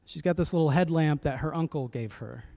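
Male pastor, 30s, slightly high voice, chatty sermon storytelling, checks in with the congregation. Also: brisk, gravelly, warm tone. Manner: conversational, checks in with listeners.

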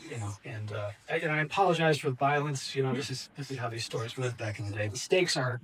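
A man's voice: mid-range voice, fast talker, few pauses, a crowd in the background, low-quality recording. A man telling an old story as an informal lesson, in a conversational way with fillers and restarts.

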